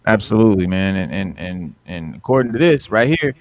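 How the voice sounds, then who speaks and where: A man's voice: deep voice, expressive, brisk. A man hosting a podcast in casual chat, rambling along with lots of "like" and "you know.". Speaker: podcast host.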